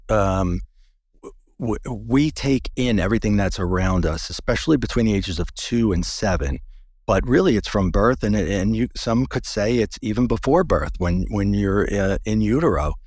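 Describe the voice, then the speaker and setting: A man's voice: fairly low pitch, a little mellow, no room sound, clean studio sound. A man guest in an interview, earnestly recounting a personal experience in a conversational way, often restarting sentences.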